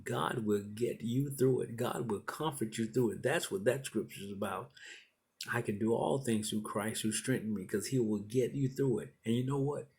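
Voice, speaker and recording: A man's voice: medium pitch, moderate pace, a little mellow, breathy edge. A middle-aged man preaching a sermon, building in repeated encouraging phrases. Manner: repetitive, encouraging preaching cadence.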